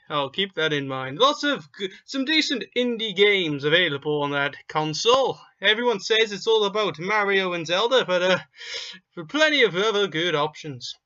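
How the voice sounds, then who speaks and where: A man voicing a pompous, posh hipster Santa who speaks in a drawn-out, affected way, heard over muffled lo-fi audio. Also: extremely high pitch, bright, forceful tone, clean tone, no room sound. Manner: haughty, affected, drawn-out delivery.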